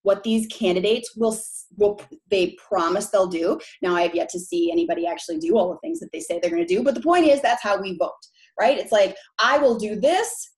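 A woman's voice: mid-range voice, animated, a little fast, darkish tone. A woman in her forties from Minneapolis with a Minnesota accent and long O's, giving a frank, chatty presentation to an audience of real estate agents and often checking in with "right?". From Minneapolis, Minnesota, USA.

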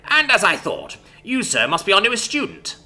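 A man's voice: high voice, wildly swooping pitch, normal speed, pushed and bright, voice pushed up, full character voice. A man voicing a cheerful, posh, hawk-like bird teacher who speaks formally.

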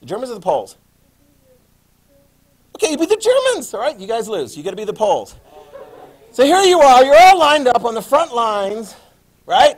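A male history teacher lecturing a classroom in a playful, animated way, adding sound effects. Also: extremely high pitch, normal speed, long pauses.

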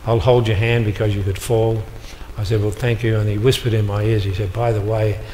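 The voice belongs to an older man, a motivational speaker, who is lowish, darkish in tone, flat, and a little fast. Before an audience in a large hall, he tells stories and acts out dialogue with punchy comic timing. The live recording has long reverb and slight background noise.

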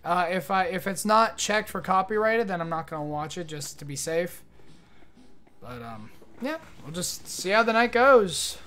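A man's voice: sits high, animated, normal speed, sharp tone. A young man streaming games, chatting casually with his viewers in a rambling, profane, joking way. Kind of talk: casual livestream chat while gaming.

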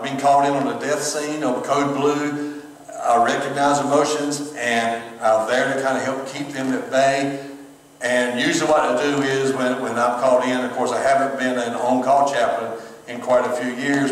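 A pastor preaches in a loose, chatty way, throwing asides to his online viewers. His voice sits at an ordinary man's pitch and is picked up from far away. A long, booming reverb fills the church sanctuary around him. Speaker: pastor and former chaplain. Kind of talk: sermon. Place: church sanctuary, streamed service. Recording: very echoey hall from far off.

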